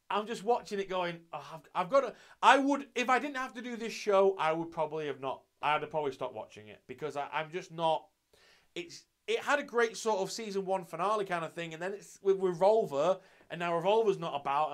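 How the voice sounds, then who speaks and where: A man's voice: high voice, a bit bright. A young man hosting his channel, giving a loose, sweary, casual review of an anime episode with lots of restarts.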